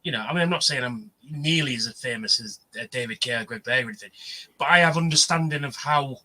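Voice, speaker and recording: Man, casual livestream host, rambling storyteller, bright tone. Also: medium pitch, quick pace, poor audio. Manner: rambling, chatty storyteller with many fillers. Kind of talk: casual chat. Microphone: livestream mic.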